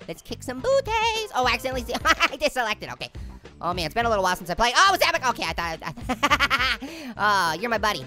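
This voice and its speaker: A man's voice: very high-pitched, bright, forceful tone, exaggerated voice. A man voicing a wisecracking, goofy talking orange that makes puns and cackles while playing a game. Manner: cackling, pun-making, jokey. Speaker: let's play host. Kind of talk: let's play commentary.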